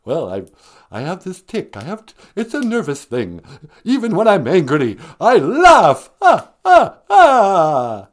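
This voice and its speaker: A man voicing a theatrical old male vampire count with a booming, drawn-out manner and a cackling "ah, ah" laugh. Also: huge pitch swings, heavily acted.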